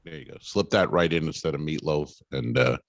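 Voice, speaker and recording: A male comedian co-hosting a podcast, a gruff, profane storyteller who exaggerates for laughs. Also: rumbling low, fairly quick, no echo. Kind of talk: casual comedy podcast banter.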